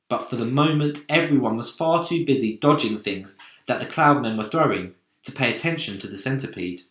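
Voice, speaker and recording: A teacher reads a children's book aloud with lively, animated pitch. The reading is expressive. The sound is roomy and echoey. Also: male voice, a little fast. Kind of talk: storybook read-aloud.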